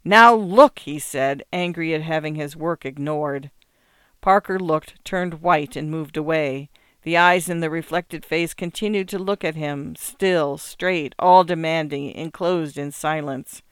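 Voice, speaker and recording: A man narrating a story in a measured, subdued reading. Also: on the high side, steady tone, clean tone, no room sound, clean studio sound.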